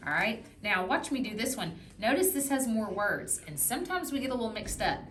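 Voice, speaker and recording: A woman reading teacher giving a patient, encouraging one-on-one phonics lesson, modeling words slowly for a student. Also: on the high side, very animated. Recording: roomy with background noise.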